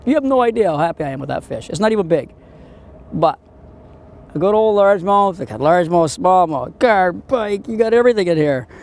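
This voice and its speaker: A man hosting a fishing show, giving excitable, exclamatory commentary outdoors from a boat on a lake. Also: high-pitched, fairly quick. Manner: excitable, exclamatory, talks to the fish.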